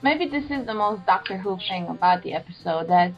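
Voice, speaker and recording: A woman co-hosting a casual podcast chat, sarcastic and quick to swear, laughing at her own jokes. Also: medium pitch, expressive, faint music behind. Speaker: podcast co-host. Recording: slightly dull lo-fi podcast audio.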